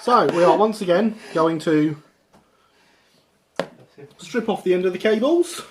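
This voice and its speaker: A man's voice: sits high, measured pace, a little hiss or hum. A man hosting a casual live stream while building a model railway, joking at his own expense. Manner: self-mocking, jokey, lively.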